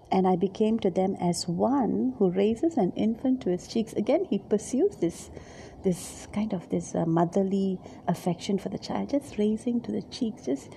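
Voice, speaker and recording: A woman giving a devotional Bible reflection, speaking gently and haltingly, repeating her words and dropping now and then to a soft whisper. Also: medium pitch, creaky, a little hiss or hum. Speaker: Bible teacher.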